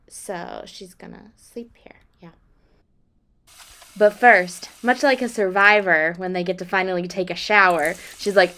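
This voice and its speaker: A woman's voice: fairly low pitch, measured pace. A woman casually narrating a life-sim game with playful, sarcastic jokes. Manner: gets loud and excited. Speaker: let's play creator.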